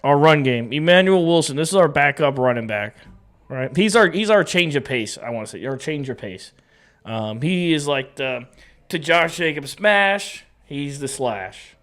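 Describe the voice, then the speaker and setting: Brief: man, sports co-host, upbeat joking banter, somewhat high voice. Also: animated, normal speed, fairly bright tone. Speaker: podcast co-host. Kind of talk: casual sports chat.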